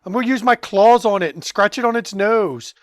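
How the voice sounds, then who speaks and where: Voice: medium pitch, brisk. A player in a tabletop role-playing game, eagerly declaring their moves. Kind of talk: casual tabletop game play.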